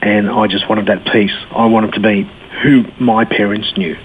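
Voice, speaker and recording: A man's voice: lowish voice, normal speed. A middle-aged man with an Australian accent, telling his personal story as an interview guest in a candid, colloquial way. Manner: candid and colloquial, animated when retelling dialogue. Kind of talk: personal testimony in a radio interview. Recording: tinny phone line with faint noise.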